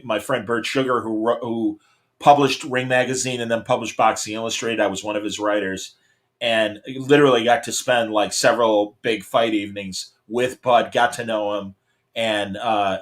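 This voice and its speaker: A man's voice: lowish voice, fairly even intonation, moderate pace. Male host, enthusiastic and rambling, video-call chat. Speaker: podcast host. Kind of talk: casual chat.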